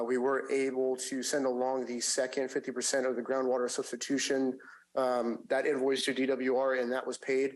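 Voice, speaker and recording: A man giving a finance report at a public agency meeting, with a measured delivery and frequent fillers and restarts. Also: mid-range voice, poor audio.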